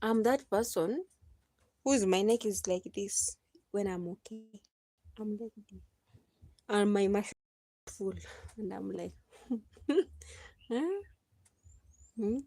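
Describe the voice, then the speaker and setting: A woman's voice: medium pitch, slow pace, pauses often, dark tone, dry recording. A Kenyan woman in her thirties chatting casually on her live stream, laughing often and slipping into preachy advice.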